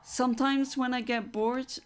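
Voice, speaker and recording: A woman's voice: sits high, level tone, a little slow, faint music behind. A woman from Luxembourg, chatting casually as a streamer and reading out viewer comments, reflective with frequent fillers and restarts.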